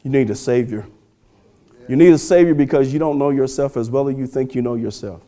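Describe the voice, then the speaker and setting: A man preaching a sermon, building phrases with swelling emphasis and dramatic pauses. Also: medium pitch, mellow.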